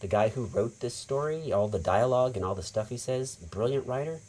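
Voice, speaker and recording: A male voice actor talking as a podcast guest, his voice at an ordinary middle pitch. He tells animated behind-the-scenes stories and slips into acted quotes. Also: a little fast. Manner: animated anecdote-teller who acts out quotes. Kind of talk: casual chat.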